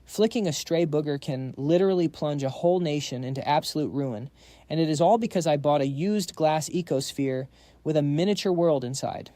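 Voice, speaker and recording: A man with a fairly high, mellow voice narrates a story recap in a dry, close recording. His delivery is dramatic and breathless, pushing each beat forward. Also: normal speed, no echo.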